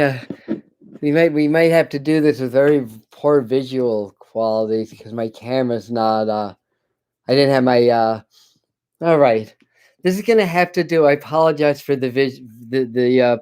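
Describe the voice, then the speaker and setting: A man with a smooth, resonant voice at an ordinary pitch, chatting through a home live stream. He talks casually in halting phrases, stops to apologize, and often restarts his sentences as he explains the session. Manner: halting, many restarts and apologies, soft laughs. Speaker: spiritual channeler hosting a live stream. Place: dim home room. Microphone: computer camera live stream.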